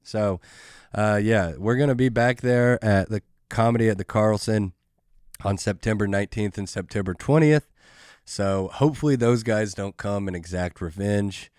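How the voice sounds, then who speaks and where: A young adult man, a comedian hosting his own podcast, telling a story in a casual, animated way with lots of filler words. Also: fairly low pitch, no room sound, studio quality. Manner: animated, fast, full of "like" and "dude".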